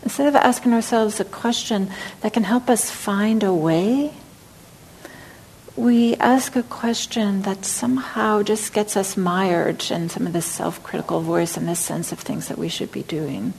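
A woman leads a dharma talk with a gravelly, fry-touched voice at a middling pitch. She speaks gently and reflectively as a meditation teacher, at times easing down into a soft near-whisper. A faint hum sits behind her. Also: steady tone, a little slow, rough recording.

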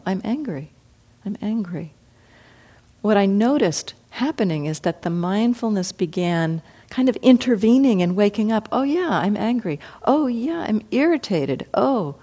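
A woman meditation teacher giving a reflective dharma talk, gently acting out her own inner thoughts as she speaks. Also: lowish voice.

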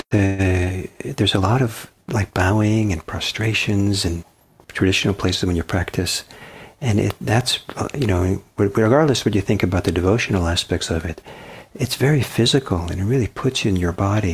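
A man giving a dharma talk as a meditation teacher, soft-spoken and halting, with many pauses and restarts. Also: low voice, husky.

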